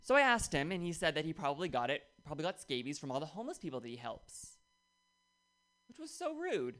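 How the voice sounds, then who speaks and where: Lively bawdy stand-up comic. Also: medium pitch, quick pace. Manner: bawdy, swooping delivery with big shifts. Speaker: stand-up comedian. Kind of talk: stand-up comedy set. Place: comedy club stage.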